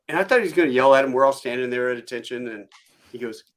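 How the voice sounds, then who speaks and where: A man in his fifties, a podcast host and former Marine, telling animated stories in a casual chat. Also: mid-range voice, very fast. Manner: animated storyteller, acts out quotes.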